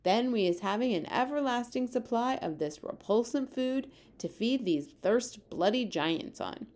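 A woman's voice: fairly high pitch, expressive, unhurried, a little mellow, pitched above the performer's own voice. A woman doing a kindly giant with mangled grammar. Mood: pleased. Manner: cheerful, garbled folksy speech. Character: big friendly giant, male, kindly, mangles his grammar.

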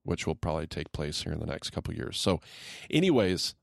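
A man's voice: extremely low pitch, sing-song, a little fast, vocal fry, no echo, studio quality. A middle-aged man co-hosting a podcast in easygoing, rambling casual chat, laughing often. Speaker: podcast co-host.

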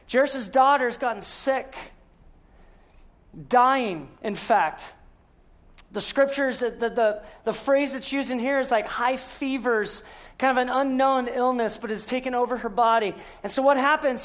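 A man giving a sermon, telling the story with rhetorical questions and earnest emphasis, sometimes dropping to a hushed voice. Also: very high-pitched. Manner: storytelling, asks rhetorical questions and answers them. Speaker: guest speaker.

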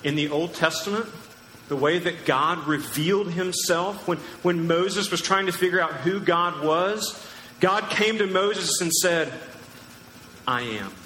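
A pastor preaching a sermon, teaching emphatically and asking the crowd questions. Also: male voice, on the high side, sharp tone, slight background noise. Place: large church hall. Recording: echoey church hall with long reverb.

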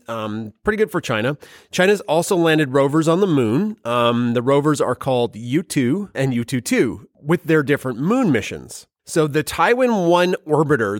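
Guy rambling about science news on a podcast, mid-pitch, super dry close sound. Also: dry recording. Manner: chatty, jokey, with playful put-on quotes. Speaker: podcast host. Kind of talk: casual science podcast chat.

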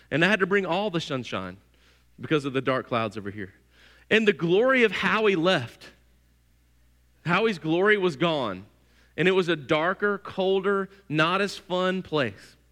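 A middle-aged man, preaching a sermon in a church and telling stories with lively, acted-out voices. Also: fairly high pitch. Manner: lively storytelling, acts out voices. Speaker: pastor. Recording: long hall reverb.

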